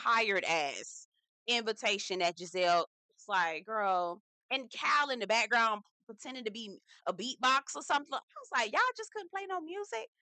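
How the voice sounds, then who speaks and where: A woman's voice: medium pitch, bright, forceful tone, dry recording. A woman hosting a reality TV recap, talking in a sassy, profane, gossipy way with lots of chatty asides. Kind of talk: casual gossipy commentary.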